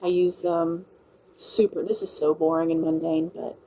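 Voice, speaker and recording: Louisiana woman w a cajun country accent rambling on her live stream, mellow warm voice. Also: low-pitched, level tone, normal speed, low-quality recording. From Louisiana, USA. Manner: chatty and rambling, laughs often, thanks viewers. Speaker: livestream host. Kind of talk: casual live-stream chat.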